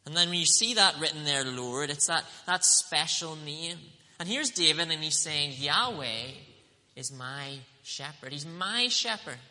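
Earnest preacher in a hall. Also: male voice, on the high side, bright, forceful tone. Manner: earnest, emphatic, slows down on scripture quotes. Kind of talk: sermon.

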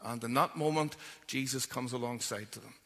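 A man's voice: brisk, pushed and bright, big-room sound. A man preaching a sermon, telling the story vividly and acting out the voices in it. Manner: storytelling, acts out quoted voices with rising pitch.

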